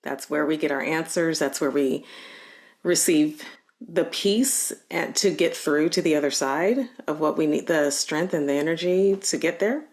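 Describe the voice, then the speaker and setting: A woman with a somewhat low voice hosts an interview podcast. She asks her questions with eager encouragement. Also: unhurried, a little mellow. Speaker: podcast host. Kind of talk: casual interview chat.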